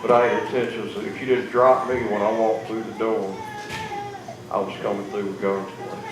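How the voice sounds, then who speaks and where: A man telling an emotional personal testimony to an audience, folksy and plainspoken, with big swings in loudness. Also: lowish voice, little pitch movement, normal speed. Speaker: testimony speaker. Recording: echoey room, far mic, noisy.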